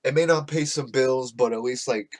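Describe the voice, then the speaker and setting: A man's voice: medium pitch, normal speed, darkish tone. A man hosting a podcast, ranting casually in a profane, rambling, sarcastic way. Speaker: podcast host. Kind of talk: casual rant.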